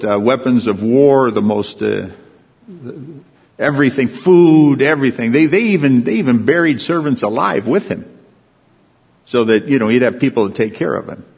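A man's voice: medium pitch, creaky, husky, in a large hall. A man, a pastor preaching a sermon in a folksy storytelling way, with emphatic rises.

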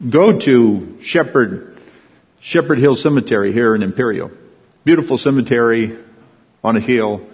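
A man's voice: medium pitch, moderate pace, long pauses, a little mellow, slightly rough, in a large hall. A man, a pastor preaching a sermon in a folksy storytelling way, with emphatic rises.

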